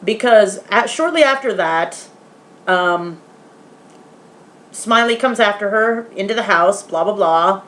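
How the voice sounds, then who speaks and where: An excitable woman gives a casual vlog review of a movie, acting out the scenes as she goes. She swears freely, and her pitch leaps high when something upsets her. Now and then she breaks off to murmur gently to her pet. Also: slow, pauses often. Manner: animated, swearing, retelling scenes with quoted voices; softly talks aside to a pet. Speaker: vlogger.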